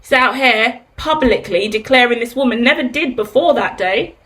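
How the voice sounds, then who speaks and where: A woman's voice: a little high, normal speed, fairly bright tone. Candid chatty woman tarot reader. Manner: candid, chatty, rhetorical questions, swears. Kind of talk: casual tarot reading monologue.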